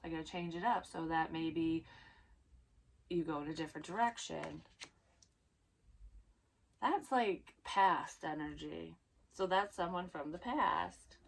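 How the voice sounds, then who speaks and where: A woman's voice: deep voice, slow, creaky, pauses often. A woman giving a casual tarot reading, rambling and blunt, swearing freely as she goes. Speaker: psychic tarot reader.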